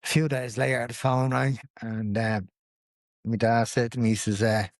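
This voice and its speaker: A man's voice: mid-range voice, moderate pace, no room sound, clean studio sound. Dublin Irish man telling his story. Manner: lively storyteller who swears freely. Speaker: podcast guest. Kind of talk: personal storytelling in casual chat.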